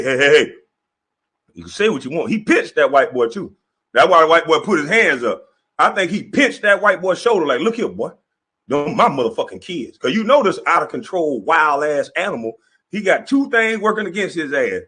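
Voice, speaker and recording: A man's voice: high voice, pushed and bright, breathy edge. A man delivering a profane comedic roast rant, laughing often as he goes. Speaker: commentator.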